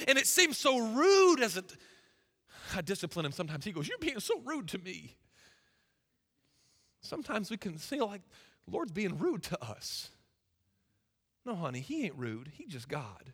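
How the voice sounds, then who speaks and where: Bright, high-voiced preacher in a reverberant hall. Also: male voice, wildly swooping pitch, unhurried, long pauses, breathy edge. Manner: impassioned, folksy southern turns of phrase. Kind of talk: sermon. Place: church sanctuary.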